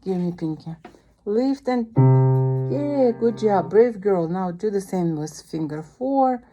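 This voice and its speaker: A woman's voice: medium pitch, animated, takes it slowly. A Russian-accented woman teaching piano to a young child, encouraging her with vivid imagery and sing-song cues.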